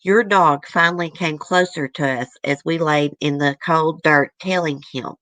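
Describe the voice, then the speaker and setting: A woman's voice: deep voice, unhurried, fairly bright tone, no room sound. A woman host reading a letter aloud to her viewers in an earnest, easily moved way, stopping now and then to comment.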